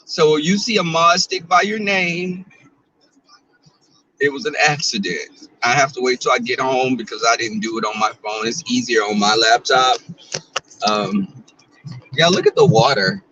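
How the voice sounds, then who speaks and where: A man's voice: medium pitch, pushed and bright, a little hiss or hum, poor audio. A man in his twenties with a Southern US accent, chatting sassily and joking with his live viewers while he drives. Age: 20s. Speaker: vlogger streaming live. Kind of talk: casual chat. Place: car, driving.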